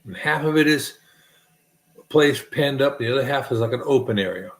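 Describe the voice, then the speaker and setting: Gravelly folksy man, roomy echo. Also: mid-range voice, normal speed. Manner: animated, folksy, laughs at his own stories. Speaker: streamer telling stories. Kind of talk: casual rambling anecdote.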